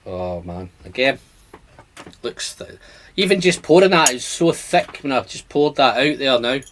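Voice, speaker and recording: A man's voice: medium pitch, animated, unhurried, a bit bright, slight background noise. A man hosting a casual whisky livestream, chatting and reading out viewer comments. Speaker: whisky channel host.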